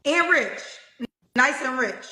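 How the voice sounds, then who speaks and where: A woman's voice: high-pitched, lively intonation, slow pace, sharp tone, echoey room. A woman interviewing a guest on a talk show, probing with matter-of-fact questions.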